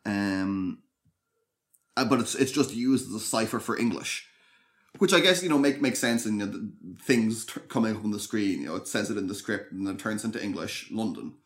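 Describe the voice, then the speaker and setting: A man with a somewhat low voice co-hosts a podcast. He talks in a relaxed, thoughtful way, often pausing and restarting his sentences as he works through an idea. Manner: thoughtful, hesitant with many restarts. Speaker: podcast co-host. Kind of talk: casual chat.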